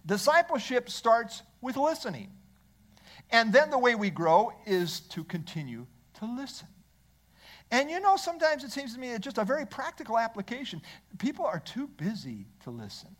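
A man's voice: high-pitched, big pitch swings, normal speed, a bit bright. A male pastor preaching a sermon in church, asking the congregation rhetorical questions.

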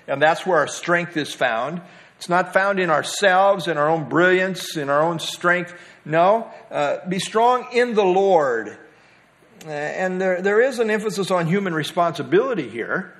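Man teaching a Bible study, slightly high voice. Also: fairly bright tone. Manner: conversational, many fillers, stresses key words. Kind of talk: Bible teaching to a small group.

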